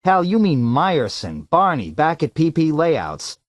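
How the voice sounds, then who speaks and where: Male reader as a harried businessman, pushy and irritable, a little above his own pitch, dry close sound. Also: wildly swooping pitch, unhurried, no room sound. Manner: pressing, irritable. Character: harried middle-aged businessman, impatient.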